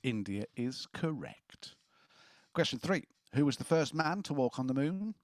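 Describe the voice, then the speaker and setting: A man runs a quiz with a lively, bouncing delivery and plenty of chuckles. His voice sits in a middle register, recorded close and dry. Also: medium pitch, a little slow, no echo. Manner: jokey, chuckling as he reads questions. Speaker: quiz host. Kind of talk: casual quiz chat.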